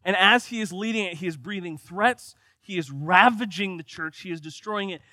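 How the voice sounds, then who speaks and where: A man's voice: high-pitched, pushed and bright, no echo. A man preaching a sermon, reading scripture aloud and then explaining it with rising emphasis.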